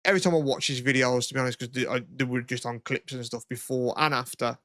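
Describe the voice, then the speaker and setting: A man's voice: mid-range voice, fairly even intonation, fast talker, fairly bright tone, no echo, clean studio sound. A young man, co-hosting a casual podcast chat, rambling and swearing a lot. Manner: rambling, sweary, lots of "you know what I mean". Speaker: podcast co-host.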